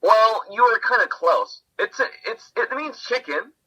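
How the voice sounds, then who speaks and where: A man's voice: high voice, expressive, a little slow, pushed and bright, breathy edge, poor audio. A man teaching a language class, often checking in with the room and repeating words. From Korea. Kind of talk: classroom lecture.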